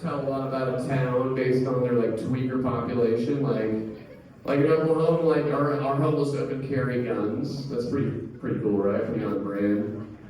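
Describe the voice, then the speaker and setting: A man's voice: mid-range voice, steady tone, moderate pace, darkish tone. A man in his thirties doing a stand-up set, loose and crude, rambling with lots of fillers. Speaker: stand-up comedian. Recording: echoey comedy club, distant mic.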